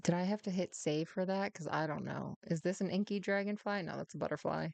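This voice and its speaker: A woman's voice: lowish voice, fairly quick, creaky, a little mellow, dry recording. A woman chatting casually through her gameplay, teasing and muttering to herself as she plays. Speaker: gaming streamer.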